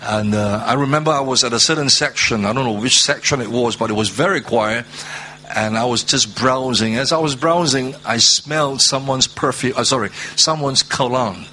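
A man preaching a sermon, reading scripture aloud and stressing words through slow repetition. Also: mid-range voice, sharp tone, slight background noise. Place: church hall, seated at a low table.

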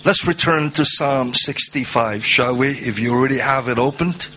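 A man preaching a sermon, reading scripture aloud and stressing words through slow repetition. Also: medium pitch, sharp tone, slight background noise. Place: church hall, seated at a low table.

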